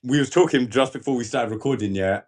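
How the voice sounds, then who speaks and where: Chill guy chatting on a podcast, average pitch, easygoing. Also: moderate pace. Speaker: podcast guest. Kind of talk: casual chat.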